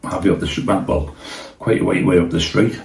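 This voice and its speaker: Speaking in a deep, creaky, slightly mellow voice with fairly even intonation, a male storyteller host rambles through a casual anecdote at a fairly quick clip. He swears a lot and performs other people's lines, all in a room with noticeable echo.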